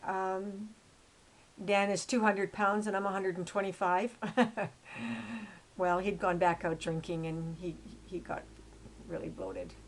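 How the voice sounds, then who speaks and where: A woman's voice: mid-range voice, fairly even intonation, takes it slowly, pauses often, a little hiss or hum. Older woman telling her story, rambling. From Canada. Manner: rambling, frequent fillers and restarts; grows loud and emphatic when indignant. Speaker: autobiographical storyteller. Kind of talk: casual narration over photos.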